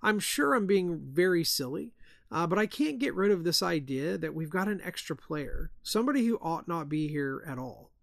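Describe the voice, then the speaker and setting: Man reading as an anxious, talkative lady in a spooky tale, lightly higher voice, dry sound. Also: big pitch swings, moderate pace, creaky, no echo. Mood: chatty uneasy. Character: kindly woman, a nervous chaperone. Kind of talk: reading a ghost story aloud.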